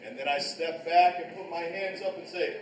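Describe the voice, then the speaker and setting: A man teaching a live karate class, barking short commands and shouting counts, recorded in a restaurant event space from a distance. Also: on the high side, moderate pace, slight background noise. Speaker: martial arts instructor. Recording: echoey room, picked up from far off.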